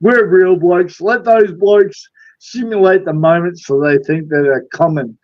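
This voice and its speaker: A man on a livestream, hurling crude, mocking put-downs. His voice is high for a man. It sounds dull and lo-fi, as if it comes through a cheap mic. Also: a little slow, no room sound. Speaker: livestream guest. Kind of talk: casual livestream banter.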